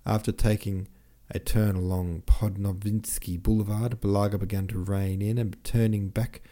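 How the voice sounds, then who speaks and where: A man narrates a classic novel for his podcast in a steady, measured manner. His voice is low and mellow, unhurried and even. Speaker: audiobook podcast host.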